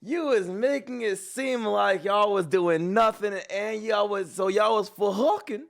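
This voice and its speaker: A man streaming live, reacting loudly to a story with shouts, swearing and repeated words. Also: high-pitched, a little slow, creaky, few pauses.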